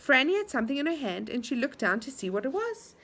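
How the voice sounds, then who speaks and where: Animated woman reading a storybook aloud. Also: high voice, fast. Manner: animated, asking the child questions.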